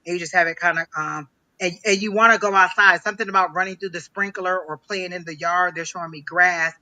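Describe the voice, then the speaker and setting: A man giving a live psychic reading on a stream, talking in a halting way, repeating phrases with many ums. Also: high voice, steady tone, sharp tone, low-quality recording. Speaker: psychic reader.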